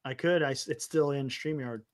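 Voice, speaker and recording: A man's voice: mid-range voice, normal speed. A man co-hosting a casual postgame talk stream, laughing easily and answering in short bursts. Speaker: podcast co-host.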